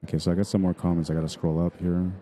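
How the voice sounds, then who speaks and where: A man's voice: low-pitched, flat delivery, very fast, mellow. A middle-aged man from Manitoba with a Canadian accent, rambling casually as a pool stream commentator and reading viewer comments aloud.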